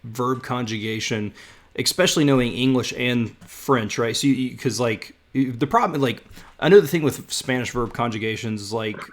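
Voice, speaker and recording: A man's voice: medium pitch, normal speed. A man hosts a live video-call podcast in a casual, conversational tone, reading out comments. His voice sits in an ordinary middle register for a man. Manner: conversational, reads out viewer comments. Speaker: podcast host.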